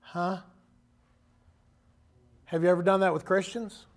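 A man preaching a sermon in a conversational, animated way, acting out quotes as he goes. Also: high voice, normal speed.

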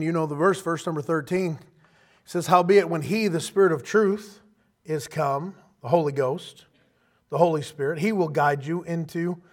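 High-voiced man preaching animatedly. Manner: animated, conversational preaching with acted-out quotes. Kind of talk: sermon.

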